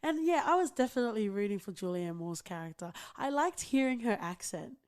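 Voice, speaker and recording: A woman co-hosting a casual podcast chat. Her voice sits in an everyday middle pitch. She talks loosely, padding her thoughts with fillers and quick laughs. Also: expressive, darkish tone, smooth. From outside the United States. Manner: chatty, many fillers and giggles. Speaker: podcast co-host.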